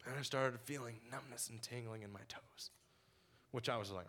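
A young man telling his personal story to a church congregation, animated and laughing often as he acts out his own past words. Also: mid-range voice, measured pace, long pauses, slight background noise. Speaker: church member giving testimony.

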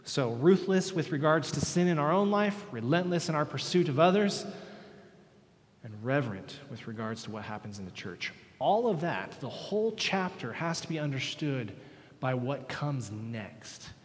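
A man preaching as a pastor, reading scripture and praying in an earnest, measured way with deliberate pauses. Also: a little high, very animated. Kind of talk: sermon with scripture reading and prayer. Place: church sanctuary. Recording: long hall reverb in a church.

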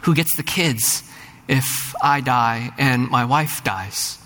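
A man's voice: mid-range voice, slow pace, bright, forceful tone. A middle-aged man preaching a sermon in a church sanctuary, earnest and building to fervent rising peaks, often repeating words as he starts a thought. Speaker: pastor. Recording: long hall reverb.

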